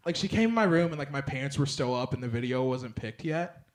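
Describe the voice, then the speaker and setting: A young man performing a stand-up set on a club stage, rambling through a story with lots of fillers and bursts of loud acted-out lines. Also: medium pitch, expressive, a little fast. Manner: rambling storyteller, filler-heavy, swings loud when acting out others. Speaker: stand-up comedian. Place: comedy club stage with laughing audience. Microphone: handheld stage mic.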